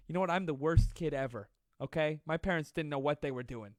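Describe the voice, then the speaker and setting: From home during quarantine, a man hosts a laid-back comedy live stream, wandering between stories and viewer comments while cracking jokes at his own expense. His voice is on the high side and fairly quick, recorded close on a desk mic without echo.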